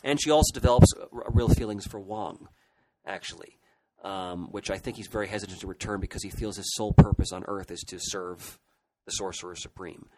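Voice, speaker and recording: A male podcast co-host talks enthusiastically about comic book history in a casual discussion, often restarting with hesitant fillers. His low-ish voice is brisk and a little mellow, and the poor audio carries some hiss or hum.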